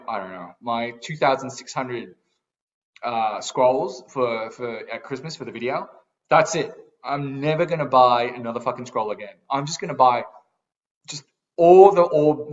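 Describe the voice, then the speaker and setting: A man's voice: mid-range voice, dull audio. A man giving casual commentary on a mobile game, ranting and swearing in exasperation as he talks. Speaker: gaming YouTuber.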